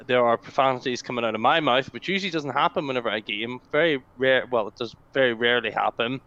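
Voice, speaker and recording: Enthusiastic man, smooth slightly muffled voice. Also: mid-range voice, quick pace. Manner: enthusiastic, animated storytelling. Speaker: podcast co-host. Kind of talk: casual podcast chat. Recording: slightly dull lo-fi audio.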